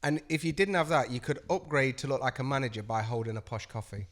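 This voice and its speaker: A man's voice: mid-range voice, fast talker, a little hiss or hum. A man co-hosting a podcast, telling sweary stories in casual chat and laughing often. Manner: laughing, sweary, animated storytelling. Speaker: podcast co-host.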